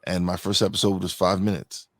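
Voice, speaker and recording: Deep-voiced man hosting a podcast. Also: flat delivery, a little fast, fairly bright tone, no echo. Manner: rambling, self-correcting restarts. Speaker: podcast host. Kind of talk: casual interview chat.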